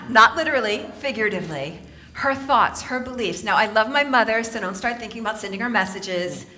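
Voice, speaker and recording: A woman from Southern California giving a humorous inspirational talk on stage to a live audience, telling animated stories and laughing often. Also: fairly high pitch, moderate pace, slight background noise. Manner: animated storytelling, laughing often, playful asides. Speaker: motivational speaker and author.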